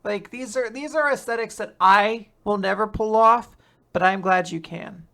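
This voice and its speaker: A woman's voice: mid-range voice, moderate pace, vocal fry, a bit bright. A woman co-hosting a casual podcast, reacting playfully and joking along. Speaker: podcast co-host. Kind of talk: casual chat.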